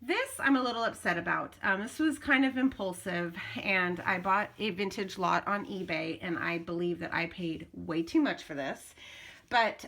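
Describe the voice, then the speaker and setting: A woman's voice: mid-range voice, sharp tone. A woman vlogging at home, chatting casually and rambling as she shows off her finds. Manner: chatty, rambling, self-interrupting. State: slightly out of breath. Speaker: craft vlogger. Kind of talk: casual show-and-tell.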